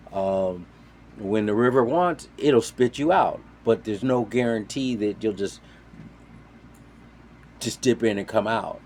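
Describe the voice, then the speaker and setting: A man casually telling a story, animated, jumping between loud quoted voices and quiet asides. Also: lowish voice, a little hiss or hum. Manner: animated, acts out quoted voices with sudden loud and soft swings. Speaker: storyteller on a talk show.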